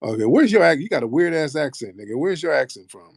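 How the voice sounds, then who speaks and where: A man's voice: on the high side, sing-song, quick pace, creaky, no room sound. Loose, profane male show host. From United States. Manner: loose, profane, playful banter. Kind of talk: casual chat.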